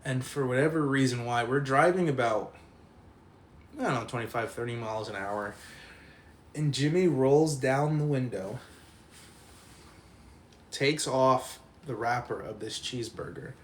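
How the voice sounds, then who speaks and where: Animated, profane young man telling a story. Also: mid-range voice, unhurried, long pauses, a little hiss or hum. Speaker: streamer. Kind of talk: casual storytelling to a live chat.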